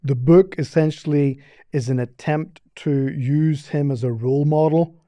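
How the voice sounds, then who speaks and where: Northern Irish male guest, higher-pitched, dry studio; friendly, explanatory. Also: steady tone, unhurried, dark tone, dry recording. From Northern Ireland. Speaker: seminary professor and guest. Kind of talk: casual podcast interview.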